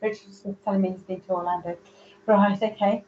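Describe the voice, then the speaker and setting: A woman's voice: medium pitch, steady tone, a little fast, a little mellow, lo-fi sound, slight background noise. A woman giving live psychic readings, chatty and rambling as she searches for words. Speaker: psychic medium.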